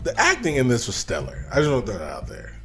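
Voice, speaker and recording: A man co-hosting a casual movie review podcast, relaxed, trailing off into quiet asides. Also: medium pitch, fast, faint music behind. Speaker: podcast co-host.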